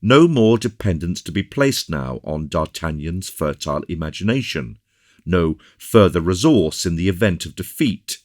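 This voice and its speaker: A man narrating a classic adventure novel in an expressive, animated way. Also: deep voice, normal speed, dry recording, clean studio sound. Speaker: audiobook narrator. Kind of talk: scripted narration.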